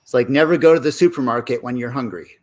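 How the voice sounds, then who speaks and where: A man's voice: medium pitch, fast. A man co-hosting a casual book club discussion, conversational and storytelling, acting out quoted headlines now and then.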